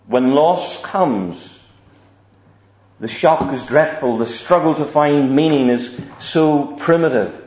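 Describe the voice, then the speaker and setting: A man from preaching a sermon, measured and deliberate, often repeating words as he goes. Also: a little high, darkish tone. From Northern Ireland. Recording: echoey room, slightly dull sound.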